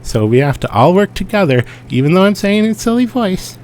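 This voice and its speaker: A man putting on a silly, high, exaggerated voice as a joke. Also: big pitch swings, fast talker, a little mellow. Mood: mock-urgent. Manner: exaggerated, sing-song. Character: man's silly high mock-serious voice.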